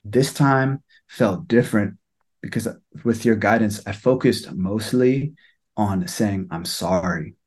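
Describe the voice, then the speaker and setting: A young man with a slightly low voice talks through a personal experience in a soft, halting way. He pauses often and leans on fillers as he searches for words. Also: slightly rough. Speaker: student sharing experience. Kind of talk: reflective personal sharing.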